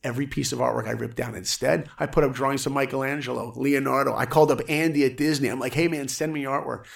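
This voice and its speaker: A man's voice: mid-range voice, steady tone, quick pace, gravelly. A middle-aged man on a podcast telling a story with energy, acting out the people in it with shifting voices. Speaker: guest. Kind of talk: animated storytelling in a podcast interview.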